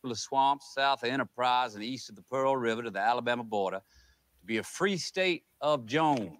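An actor with a Southern US accent playing a defiant rebel leader, proclaiming in a slow, solemn drawl. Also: male voice, mid-range voice, fairly bright tone, no echo, close to an everyday voice.

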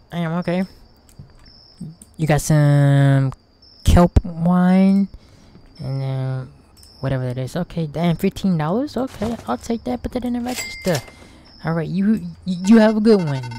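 A man's voice: fairly high pitch, moderate pace, darkish tone, slight background noise. Slangy man doing game commentary. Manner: casual slangy banter. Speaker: gaming channel host. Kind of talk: let's play commentary.

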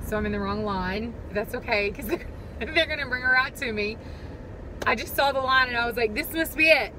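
A woman vlogging casually about her family, chatting in an animated way with quick asides, recorded in a car. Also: fairly high pitch, background noise. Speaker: vlogger, mother. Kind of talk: casual family vlog chat.

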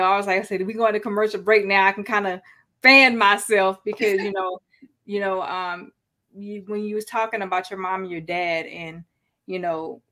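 A woman's voice: medium pitch, sharp tone. A woman hosting a talk show, speaking with emotion and holding back tears, with many "you know" fillers. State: near tears. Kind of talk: heartfelt conversational interview.

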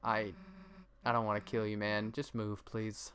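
A man reading the lines of a gruff, tough young female monster in a plain, blunt voice. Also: lowish voice, monotone, measured pace, fairly bright tone. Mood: pleading.

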